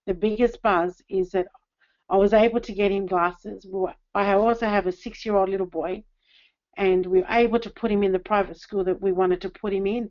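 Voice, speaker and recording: A middle-aged woman telling her personal story to an audience, earnest and emotional, with many pauses and ums. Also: mid-range voice, dull audio. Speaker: business testimonial speaker.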